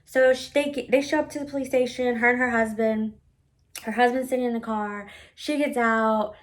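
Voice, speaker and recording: A woman's voice: on the high side, moderate pace. Blunt, profane woman telling a story. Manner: blunt and profane, with lots of filler words; animated retelling, often acting out her own past words. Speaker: storytime vlogger. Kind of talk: casual storytime monologue.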